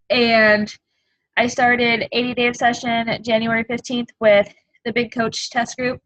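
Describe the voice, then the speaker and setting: A woman in her thirties tells her own story as a coach on a group call. She speaks openly and earnestly and stops often on ums. Her voice is bright and forward, and the sound is close and dry. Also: fairly high pitch, flat delivery, dry recording, poor audio. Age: 30s. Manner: candid and earnest, halting with frequent ums. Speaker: fitness coach. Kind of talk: personal testimony on a group call.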